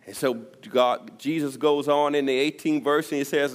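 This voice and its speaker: A male pastor preaching a sermon, his delivery swinging from loud emphasis to near-whispers. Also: on the high side, steady tone, moderate pace, few pauses. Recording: long reverb of a church hall.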